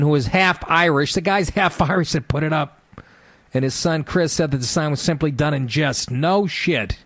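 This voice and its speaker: A man's voice: fairly high pitch, normal speed, a bit bright, no echo. Sarcastic, profane male radio host. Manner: sarcastic, swears a lot, jumps between mock voices. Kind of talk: profane comedic radio rant.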